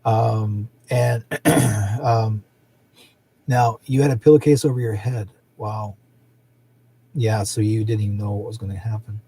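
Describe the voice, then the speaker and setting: A man's voice: on the low side, fairly even intonation, unhurried, dark tone, slightly rough. A middle-aged man hosting a psychic show, talking in a rambling, casual way and often laughing. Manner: rambling, chatty, laughs often, acts out quoted people. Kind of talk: casual livestream chat.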